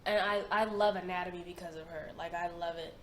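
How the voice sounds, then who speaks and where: A woman's voice: lowish voice, steady tone, quick pace. Chatty young woman in an echoey room. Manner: chatty, emphatic, repeats herself, slangy. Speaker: reaction video host. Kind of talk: casual chat reacting to a video. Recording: roomy echo, faint noise.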